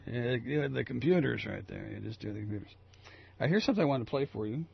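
A man's voice: mid-range voice, expressive, quick pace. A man hosting a radio talk show, rambling casually with lots of fillers and restarts. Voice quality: gravelly, husky. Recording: dry, lo-fi radio audio.

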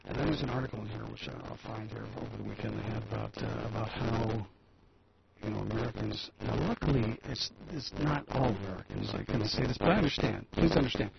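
Gravelly man rambling through the news. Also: fairly low pitch, fairly even intonation, brisk. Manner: rambling, chatty, reads news aloud with asides. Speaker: talk show host. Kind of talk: casual news commentary. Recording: dull lo-fi recording with loud background hiss.

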